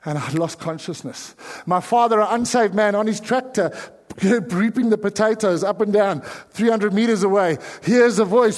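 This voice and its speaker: A South African man preaching in a high, bright voice, his sermon moving between near-whispered pleading and loud outbursts. His words carry a long reverb, as if he stands in a large church hall. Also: moderate pace. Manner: swings from hushed pleading to sudden loud cries. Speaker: pastor.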